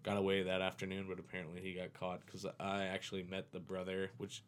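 A man's voice: deep voice, completely flat delivery, fast, slight background noise. A man from Florida, a professional kiteboarder, telling a story in a loose, profane, casual way and chuckling as he goes. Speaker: professional kiteboarder, podcast guest.

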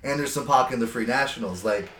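A man on a podcast panel giving measured opinions, pausing often with "uh" as he thinks. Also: mid-range voice, bright, forceful tone. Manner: measured, thinks aloud with frequent "uh". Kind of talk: casual chat. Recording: roomy, distant from the mic.

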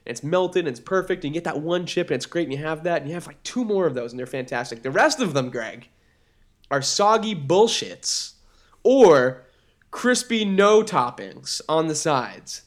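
A young man with a faint Boston accent co-hosts a podcast in casual chat. He rambles and piles on fillers, and his voice sits slightly higher than most men's. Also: normal speed. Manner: animated, rambling, lots of fillers. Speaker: podcast co-host.

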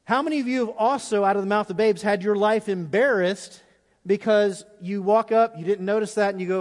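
Middle-aged pastor guy preaching, high voice, gets fired up then goes quiet and prayerful, big echoey church hall. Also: fairly quick. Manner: impassioned preaching, drops to hushed prayer. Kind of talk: sermon. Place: large church auditorium. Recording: long hall reverb.

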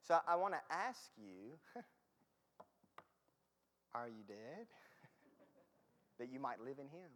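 A man's voice: medium pitch, big pitch swings, slow pace, pauses often, a bit bright. A man preaching a conversational sermon, often laughing and losing his place as he reads from slides. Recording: reverberant hall.

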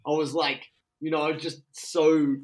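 An excitable Australian man telling a story in casual, slangy talk. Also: a little high, takes it slowly, slight background noise.

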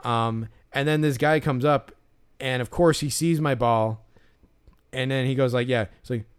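A man's voice: mid-range voice, normal speed, smooth. A man co-hosting a podcast, telling a story in casual chat with lots of fillers and restarts. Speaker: podcast co-host.

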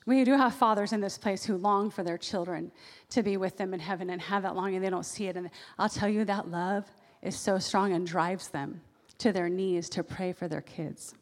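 A woman pastor giving a sermon in a church, lively and acting out the voices she quotes. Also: medium pitch, normal speed, hardly any pauses. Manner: animated, acts out quoted voices. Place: church sanctuary. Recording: long reverb of a large hall.

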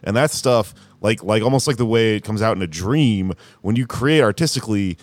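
Low-voiced dude riffing on a podcast, lots of um and like, dry close mic. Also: male voice, a little fast, no echo. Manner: rambling, profane, many fillers. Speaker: comedian podcast host. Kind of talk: casual podcast chat.

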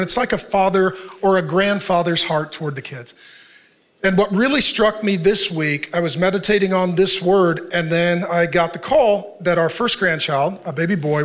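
A middle-aged male pastor preaching with a high, bright, forceful voice. He jumps from shouted lines to soft, hushed asides and laughs at himself along the way. His talk is lively and personal. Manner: animated, shouting peaks, drops to soft tender asides; laughs often, self-deprecating humor. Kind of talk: sermon.

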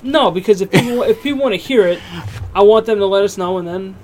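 A man's voice: sits high, quick pace, slight background noise. A man co-hosting a podcast, chatting casually, teasing and swearing as he signs off. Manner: joking, crude, teasing. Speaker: podcast co-host.

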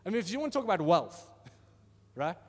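A man preaching a sermon in a church hall in an animated, conversational way, often asking "are you with me?". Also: sits high, fairly quick, breathy edge. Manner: animated and conversational, acting out little voices, asks "are you with me?". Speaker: pastor. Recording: reverberant hall.

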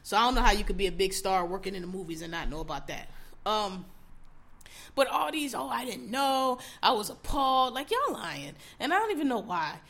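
A woman's voice: mid-range voice, very animated, brisk, fairly bright tone. A woman hosting a casual commentary show, ranting bluntly with heavy swearing and exasperated mockery. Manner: mocks others in put-on voices.

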